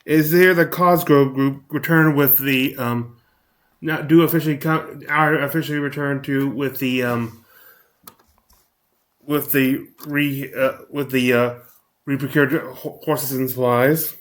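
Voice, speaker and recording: A man recapping a tabletop game in casual commentary, talking in a halting way with frequent restarts. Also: mid-range voice, steady tone, a bit bright. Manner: halting, many restarts and fillers. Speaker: recap host.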